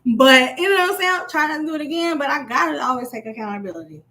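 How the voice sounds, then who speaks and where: A woman chatting casually on her own livestream, telling animated stories full of slang and swearing. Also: high-pitched, quick pace. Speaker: live stream host.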